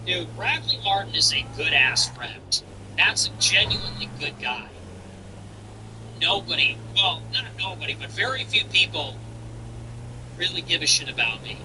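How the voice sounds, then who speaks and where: High, lively, profane livestream host man. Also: moderate pace, background noise. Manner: blunt, profane, animated ranting. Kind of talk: casual livestream chat.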